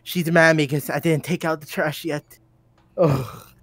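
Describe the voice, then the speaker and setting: A man's voice: on the high side, steady tone, normal speed, no room sound. A man stumbling through awkward lines in a voice chat prank, hesitant and stammering, swearing now and then.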